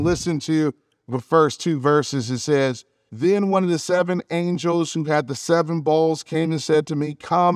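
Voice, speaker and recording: A male pastor with a fairly high voice delivers an earnest sermon. He pushes ahead quickly, then slows right down to press a point home. The sound is close and dry, with no room echo. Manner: earnest preaching, with speeding and slowing for emphasis; reads scripture aloud.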